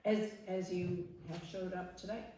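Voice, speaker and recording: Slow, mellow-voiced woman moderator in a hall. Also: lowish voice, fairly even intonation. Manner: halting, restarts phrases. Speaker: interviewer, event moderator. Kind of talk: moderating an onstage conversation. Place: parish hall. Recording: echoey hall, distant mic, faint hiss.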